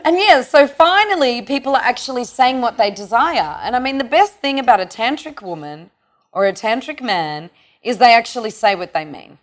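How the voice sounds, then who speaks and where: A middle-aged woman teaching tantra in a casual, profane, animated way, acting out little voices as she talks. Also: on the high side, moderate pace. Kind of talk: casual spiritual talk.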